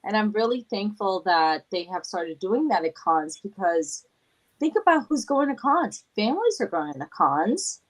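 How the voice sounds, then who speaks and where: A woman's voice: mid-range voice, big pitch swings, unhurried, rough recording. A woman hosting a casual podcast panel, upbeat, prompting and encouraging her guests. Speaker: podcast host.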